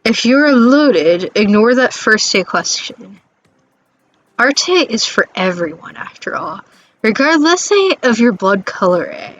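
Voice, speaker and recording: A woman's voice: on the high side, big pitch swings, measured pace, hardly any pauses, highs cut off, slight background noise. A woman voicing a smug female troll gallery owner with a put-on French accent, sly and drawn out.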